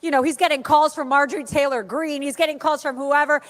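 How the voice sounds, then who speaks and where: A woman telling animated stories to a crowd and acting out the voices of the people she quotes. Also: high voice, fast talker. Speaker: speaker at an event. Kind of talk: storytelling speech to a crowd.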